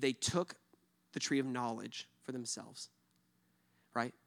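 Guy preaching, bright punchy voice, super dry close sound, goes loud then whispery. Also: fairly high pitch, no room sound. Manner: swings from loud emphatic bursts to hushed near-whispers; conversational, asks the crowd questions. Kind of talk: sermon.

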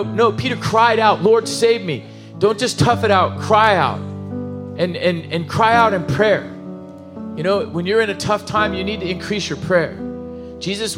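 High-voiced pastor preaching over guitar. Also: male voice. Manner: animated, emotional, conversational preaching with asides and restarts. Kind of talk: sermon.

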